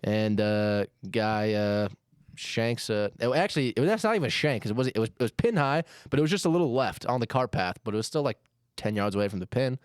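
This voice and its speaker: A man's voice: fairly low pitch, brisk, clear, resonant tone, dry recording, clean studio sound. A young man co-hosting a casual podcast, laid-back and swearing casually. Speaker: podcast co-host. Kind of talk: casual chat.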